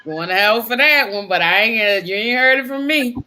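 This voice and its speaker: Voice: medium pitch, fairly quick, noisy background. A co-host in a casual sports podcast, trading teasing banter about football games.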